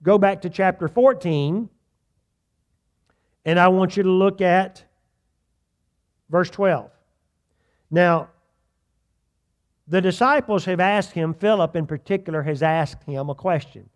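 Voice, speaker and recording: A man pastor preaching a sermon in a church, reading scripture aloud with slow emphasis and putting questions to the congregation. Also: high-pitched. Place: church sanctuary.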